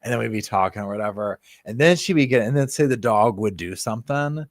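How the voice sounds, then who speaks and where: Lively man telling stories. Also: mid-range voice, quick pace, dry recording. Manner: animated storytelling, many fillers and asides. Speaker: live stream host. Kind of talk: casual live chat.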